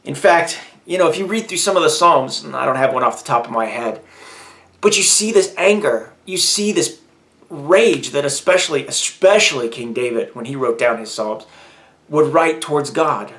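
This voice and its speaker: Casting note: man, somewhat high voice, candid personal vlog delivery, venting and emphatic. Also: lively intonation, normal speed, fairly bright tone. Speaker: vlogger.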